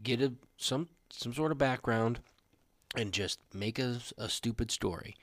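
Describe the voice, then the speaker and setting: A young adult man co-hosting a podcast, telling animated, rambling stories in casual chat. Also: medium pitch, unhurried, no room sound. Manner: rambling, animated storytelling with restarts. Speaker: podcast co-host.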